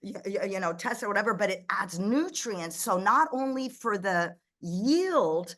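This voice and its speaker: A middle-aged woman, a ministry founder raised in the United States, telling stories as an interview guest in a lively way, often restarting her sentences. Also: medium pitch, measured pace. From Egypt, raised in the United States. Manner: animated storyteller, frequent restarts and quoted dialogue. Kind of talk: conversational interview.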